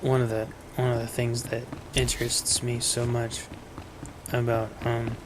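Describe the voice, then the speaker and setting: A gaming vlogger talks casually and eagerly over his own play, breaking off mid-thought and circling back. His voice sits in a middle register. Game sounds and a clear layer of noise run under him. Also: medium pitch, completely flat delivery, a little slow. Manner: rambling, enthusiastic, self-interrupting. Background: video game sound.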